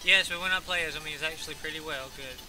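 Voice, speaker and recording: A man's voice: fairly high pitch, fast talker, bright, forceful tone, low-quality recording. A man playing along in a video game and making dry, matter-of-fact remarks. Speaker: co-player. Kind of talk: dry gameplay chat.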